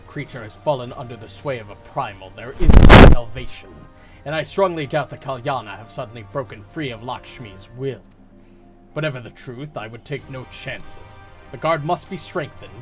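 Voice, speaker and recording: A man playing a gruff old warlord. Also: medium pitch, natural voice, rough recording.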